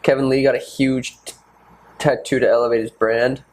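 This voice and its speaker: A man in his twenties hosting a casual podcast chat, loose and profane, often slipping into animated impressions. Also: mid-range voice, normal speed, rough recording. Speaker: podcast host, fighter.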